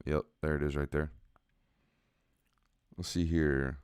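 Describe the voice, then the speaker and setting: Deep-voiced man with a drawl calling a game. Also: slow pace, clear, resonant tone, no echo, clean studio sound. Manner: relaxed, analytical, reads and answers chat. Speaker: host of a game watch party stream. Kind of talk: casual live commentary with chat.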